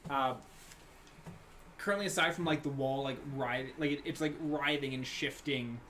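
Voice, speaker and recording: A man in the game master's seat, describing the scene in an unhurried, everyday way. He stops and restarts often, padding his lines with fillers. There is a faint hiss under the recording. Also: medium pitch, sharp tone. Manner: casual, hesitant narration with fillers and restarts. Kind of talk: narrating a tabletop game.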